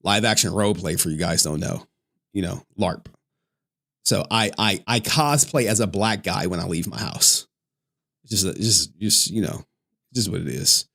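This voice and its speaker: A man's voice: deep voice, moderate pace, creaky, pushed and bright, slightly rough. A man hosting a livestream, chatting casually with plenty of profanity and frequent laughter. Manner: joking, profane, laughs often. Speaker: livestream host.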